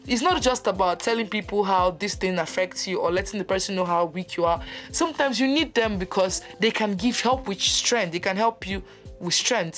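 A young woman hosting her own podcast, talking candidly and animatedly about her personal life, often laughing. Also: medium pitch. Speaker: podcast host. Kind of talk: personal reflective monologue.

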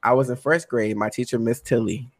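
A man's voice: mid-range voice, brisk, no echo. A man co-hosting a podcast, from a Caribbean family, chatting casually and acting out quoted lines as he tells stories. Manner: animated storyteller, acts out quotes. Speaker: podcast co-host. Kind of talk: casual chat.

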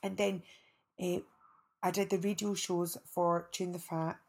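A woman's voice: lowish voice, unhurried, gravelly, husky. Chatty Scottish woman telling stories. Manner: animated, rambling anecdotes with restarts. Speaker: actress guest. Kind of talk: casual storytelling chat.

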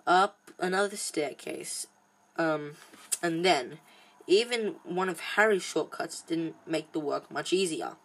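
Woman reading a novel aloud, halting. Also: low-pitched. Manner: halting, frequent restarts and fillers. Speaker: storybook reader.

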